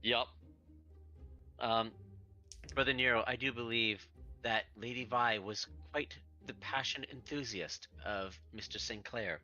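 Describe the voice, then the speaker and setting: A man's voice: mid-range voice, fairly even intonation, a little slow, pushed and bright, muffled recording, soft background music, voice pushed down. A man voicing a formal, earnest male constructed being who speaks stiffly and politely.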